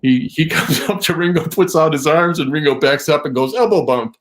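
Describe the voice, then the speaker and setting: A man, a drum memorabilia historian, telling an anecdote as an interview guest in an animated way. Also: a little high, a little fast. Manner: animated storytelling, voice rises on quotes.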